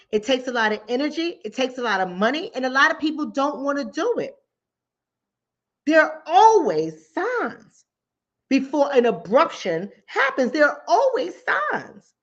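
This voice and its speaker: In a high, fairly bright voice, a woman hosts a mental health talk show with informal, emphatic commentary. She repeats phrases to underline her points and plays both the callers and herself. The lo-fi recording sounds dull.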